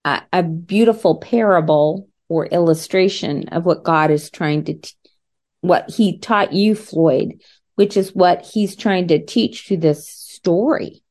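Low-voiced woman reflecting thoughtfully. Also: a little mellow. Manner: thoughtful, pausing to rephrase. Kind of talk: reflective faith conversation.

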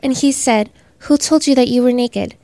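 A woman in a class reading a scripture passage aloud, clearly and carefully. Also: on the high side, moderate pace, warm tone, no room sound. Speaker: student.

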